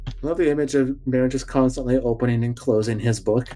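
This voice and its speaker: A man's voice: mid-range voice, steady tone, dark tone, faint music behind. Easygoing man running a tabletop game. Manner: easygoing, laughs often, quick rulings. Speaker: game master.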